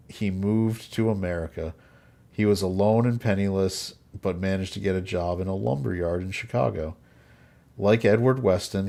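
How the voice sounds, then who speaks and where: A man with a fairly low voice tells a history story to friends in a loose podcast chat. He jokes along the way and laughs often. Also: mellow. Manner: laughs often, jokey asides. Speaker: podcast host.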